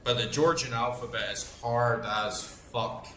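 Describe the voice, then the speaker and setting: A man's voice: medium pitch, steady tone, measured pace, pushed and bright. A man in his thirties, a gaming channel host, chatting casually while playing, rambling with lots of fillers and swearing freely. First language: English. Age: 30s. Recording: roomy echo, faint background noise.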